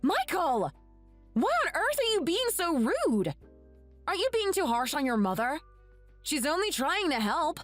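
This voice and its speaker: A woman's voice: high voice, very animated, a little slow, a bit bright, no room sound, faint music behind, exaggerated voice. A woman voicing a young wife who scolds her husband reproachfully.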